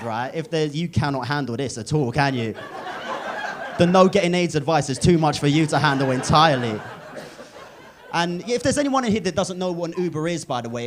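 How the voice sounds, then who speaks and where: A man in his twenties from England doing live stand-up in a comedy club, teasing the crowd and swearing freely. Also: fairly high pitch. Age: 20s. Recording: noisy live club recording. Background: audience laughter.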